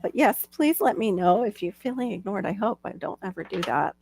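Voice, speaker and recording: A woman's voice: medium pitch, lively intonation, brisk, gravelly, darkish tone, breathy edge, no room sound. A woman with a Northeast US accent hosting a casual live stream chat, talking freely with many restarts and frequent laughs. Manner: chatty, laughs often, trailing restarts.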